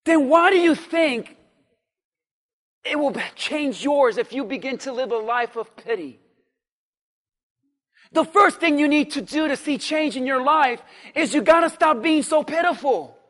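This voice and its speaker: A male pastor with a very high voice delivers an emphatic sermon, repeating phrases for stress and rising from hushed talk to shouts. His voice rings out with a long reverb from the church hall. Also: expressive, measured pace, pauses often. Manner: emphatic preaching that swings from quiet to shouted.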